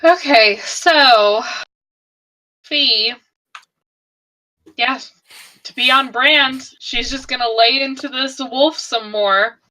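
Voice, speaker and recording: Woman player at a tabletop game, bright clear voice, slow talker. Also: high voice, poor audio.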